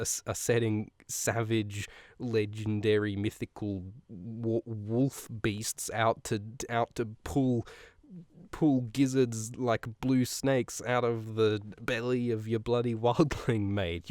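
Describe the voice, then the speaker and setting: A podcast host giving a casual, comedic book recap, rambling with profane, jokey asides and frequent laughs mid-sentence. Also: male voice, mid-range voice, darkish tone, no echo, studio quality.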